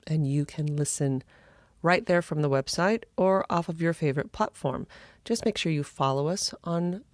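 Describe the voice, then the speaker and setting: Podcast host, woman, low froggy morning voice, dry close sound, casual chatty delivery. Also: moderate pace, no echo. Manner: chatty and friendly, with little laughs.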